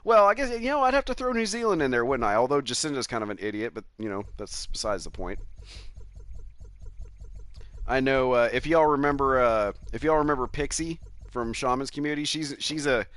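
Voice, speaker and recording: A man's voice: medium pitch, expressive, fairly quick, fairly bright tone. Profane, rambling male game streamer. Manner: rambling, profane, chuckling storyteller. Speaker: gaming streamer. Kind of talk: casual chat while live streaming a racing game.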